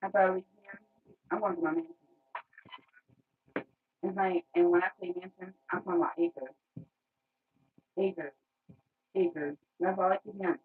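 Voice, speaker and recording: Husky, blunt woman ranting on a tinny line. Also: fairly low pitch, fairly even intonation, moderate pace, long pauses. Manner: blunt, profane, repeating words for emphasis. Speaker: vlogger. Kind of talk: unscripted spiritual rant. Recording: tinny phone-like sound.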